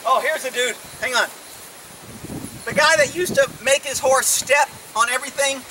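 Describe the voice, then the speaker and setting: A man with an unusually high, bright voice trains his horse, mocking and blunt in tone. The sound is distant, picked up outdoors with faint background noise. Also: normal speed. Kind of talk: sarcastic training demonstration. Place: outdoors at a rural farm with a horse.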